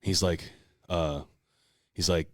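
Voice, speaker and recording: A man hosting a casual podcast, telling a competition story with lots of swearing, and loudly acting out what he shouted. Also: deep voice, slow pace, dry recording, studio quality. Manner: animated storyteller, swears a lot, shouts out quoted lines. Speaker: podcast host. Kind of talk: casual chat.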